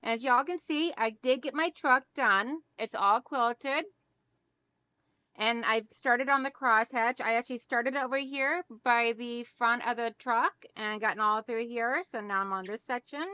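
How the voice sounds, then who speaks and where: A middle-aged woman chats on a home craft livestream, greeting viewers by name in a bright, forceful voice with a smooth, crisp tone. The sound is dry but a bit dull and lo-fi. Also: on the high side, a little slow, no echo. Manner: chatty, greets viewers by name, calls them hon and girl. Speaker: craft channel host. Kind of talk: casual livestream chat while hand quilting.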